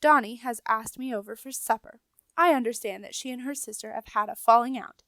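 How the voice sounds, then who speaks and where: A woman's voice: a little high, fairly quick, fairly bright tone, no room sound. A woman voicing a proud male messenger rat who speaks firmly and formally. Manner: firm, dignified, formal.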